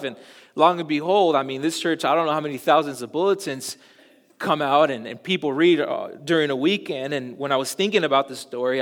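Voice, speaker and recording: Young male pastor, mid-range voice, casual animated sermon delivery, long hall reverb. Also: medium pitch. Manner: animated, casual storytelling, acts out dialogue. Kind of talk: sermon storytelling.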